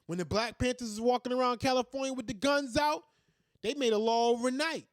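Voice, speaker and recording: Host, male, high-pitched, fiery profane rant, dry close sound. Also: a little fast, dry recording. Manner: heated, ranting, profane. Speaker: commentary host. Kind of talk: opinion monologue.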